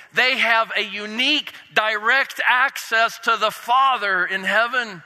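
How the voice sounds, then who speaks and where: A man preaching a sermon with drama, dropping his voice low and soft to stress points. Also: long reverb tail, low-quality recording. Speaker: pastor.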